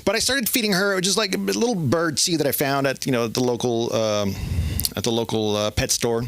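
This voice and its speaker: A middle-aged man doing open mic stand-up comedy in a club, rambling with halting pauses and lots of fillers. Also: medium pitch.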